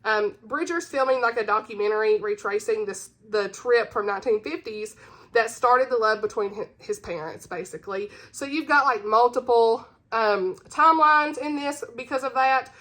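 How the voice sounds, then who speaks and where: A woman's voice: a little high, normal speed, a bit bright. A woman hosting her own channel, chatting casually and bubbly about books she recommends, giggling often. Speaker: book reviewer, channel host. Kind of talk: casual book-recommendation chat.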